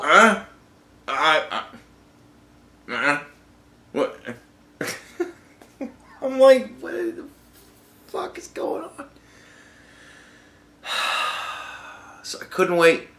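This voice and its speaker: A man's voice: on the high side, pushed and bright. Profane, incredulous man ranting in an echoey room. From United States. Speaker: podcast host. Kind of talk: casual ranting monologue.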